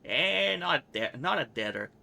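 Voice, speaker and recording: A man puts on a sharp-tongued young rogue woman from a fantasy video game. She sneers and clips her words in a rough put-on dialect, her voice pushed high and bright. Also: sing-song, unhurried, exaggerated voice. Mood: scornful.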